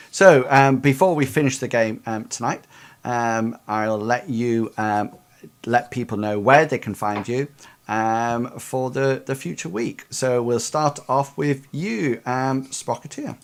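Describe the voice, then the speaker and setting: A man hosting an online tabletop game stream as game master, speaking haltingly with many fillers as he wraps up. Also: mid-range voice.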